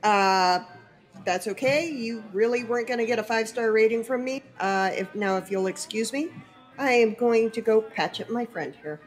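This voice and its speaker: A woman playing a tabletop game, speaking in character in a brisk, sardonic way. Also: on the high side, faint music behind. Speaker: player.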